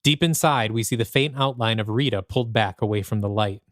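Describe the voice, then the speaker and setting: A man co-hosting a podcast, reading stage directions in a script table read in a steady, matter-of-fact way. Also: fairly low pitch, a little fast, no room sound, clean studio sound. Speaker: podcast co-host.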